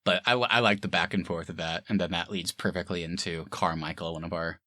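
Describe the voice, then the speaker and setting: A man co-hosting a film review podcast in casual chat, animated and laughing often as he acts out scenes. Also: low voice, fairly quick, no room sound, studio quality.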